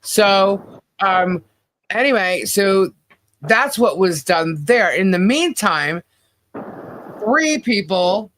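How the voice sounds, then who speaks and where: High, bright-voiced animated man. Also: slight background noise. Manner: animated, gasps and laughs, quick asides. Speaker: podcast co-host. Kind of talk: casual commentary chat.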